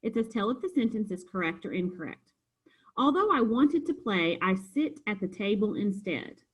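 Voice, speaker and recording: Patient teacher, female, slightly husky, explains homework answers one by one. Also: mid-range voice, very animated, normal speed, rough recording. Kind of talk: recorded homework review lesson.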